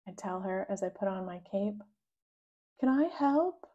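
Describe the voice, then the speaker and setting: A woman reads a children's book aloud at a slow, careful pace, her pitch bounding up and down with delight. She voices the child narrator in sudden high, loud bursts. The recording sounds a little dull and lo-fi. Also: expressive. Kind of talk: read-aloud storytelling.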